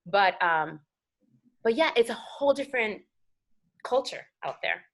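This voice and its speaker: Brief: American actress, animated and talkative, mid-pitched, interview guest. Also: female voice, measured pace. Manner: animated, chatty, many fillers. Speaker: guest actor. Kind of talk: casual interview chat.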